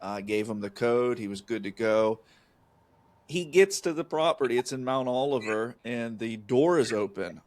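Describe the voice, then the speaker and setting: A man's voice: medium pitch, moderate pace, darkish tone. A man co-hosting a casual podcast chat, talking in a rambling, folksy way with lots of fillers and restarts. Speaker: co-host, real estate agent.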